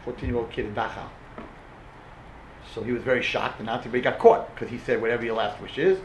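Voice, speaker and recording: A man giving a dramatic storytelling talk as a religious speaker, animated and mixing in Hebrew and Yiddish terms. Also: mid-range voice, quick pace, a little hiss or hum. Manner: animated, rising to impassioned shouts. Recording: roomy echoing room.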